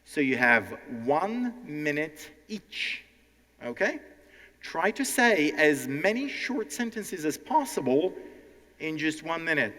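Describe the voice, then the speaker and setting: A man from Ukraine hosting a live educational stand-up show, animated and teacherly, often checking in with the audience. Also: a little high, takes it slowly. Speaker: language teacher and show host. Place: large hall before a live audience. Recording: long hall reverb.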